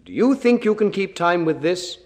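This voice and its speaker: A man's voice: sits high, animated, normal speed, darkish tone, a little hiss or hum. A man hosting a children's radio program, leading rhyme games and reciting tongue twisters in a friendly, teacherly way.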